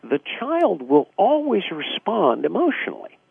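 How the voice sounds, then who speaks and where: A man with a low, gravelly, husky voice talks reflectively as a radio guest, piling on fillers. He comes through a tinny, dry phone line. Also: wildly swooping pitch, unhurried, no echo. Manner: reflective, acts out quoted dialogue, frequent fillers. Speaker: guest author. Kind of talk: casual radio interview explanation.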